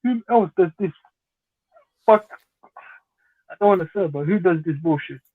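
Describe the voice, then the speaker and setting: A man calls into a fan livestream sounding exasperated and blunt, firing off pointed questions. His voice sits high, and it comes through dry, with no room around it, and thin like a phone line. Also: animated, moderate pace, no echo. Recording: tinny dry call audio.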